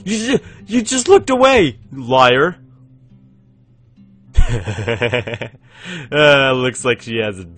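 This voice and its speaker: A man's voice: mid-range voice, animated, extremely slow, pauses often, fairly bright tone, breathy edge, soft background music. Giggly young man narrating a game. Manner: rambling, giggly, reads game text aloud. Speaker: gaming channel host. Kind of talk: casual let's-play commentary.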